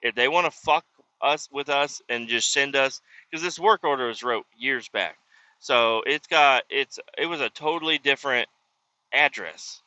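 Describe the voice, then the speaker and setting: A man's voice: medium pitch, normal speed, bright, forceful tone, dry recording. A man who works roadside service, telling rambling, profane stories in a casual vlog. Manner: profane, loose, drifting between stories. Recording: dull lo-fi sound with faint background ambience.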